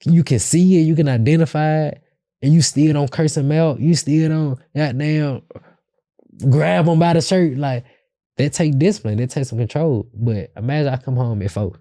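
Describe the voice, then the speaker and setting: Giving frank relationship advice on his podcast, this young man speaks casually with lots of slang and plays both parties in an argument. His voice is lowish and dark, recorded in studio quality with no room sound.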